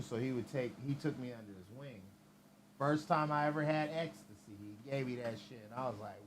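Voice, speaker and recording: A man spins a rambling story in casual livestream chat, swearing freely and circling back on himself. His voice sits at an ordinary middle pitch, with a faint hiss behind it. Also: brisk. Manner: rambling, heavily profane. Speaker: livestream host.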